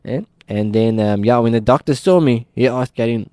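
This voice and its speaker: A man's voice: medium pitch, moderate pace, a little mellow, no room sound, clean studio sound. A South African man earnestly telling his own life story in an interview, acting out the people he quotes. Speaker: guest sharing his testimony. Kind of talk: personal testimony in an interview.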